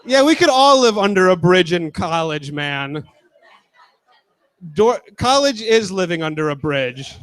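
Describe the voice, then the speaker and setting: A man's voice: sits high, lively intonation, unhurried, a bit bright, a little hiss or hum. A man in his twenties doing a crude, chatty stand-up set and talking with the crowd. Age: 20s. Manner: casual, crude, talks with the crowd. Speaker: stand-up comedian.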